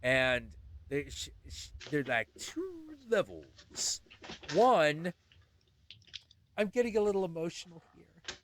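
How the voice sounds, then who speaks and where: A man's voice: fairly high pitch, slow, long pauses, a little hiss or hum. A man hosting a show, telling a story in casual chat, swearing and acting out the people in it. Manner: animated, profane, acts out voices in his stories. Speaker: podcast host.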